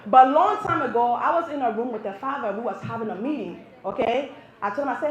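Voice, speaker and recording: A woman doing a stand-up comedy set in a live cafe, animated and talking straight to the crowd. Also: on the high side, fast talker, dull audio. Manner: animated, talks to the crowd, playful teasing. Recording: roomy live venue sound.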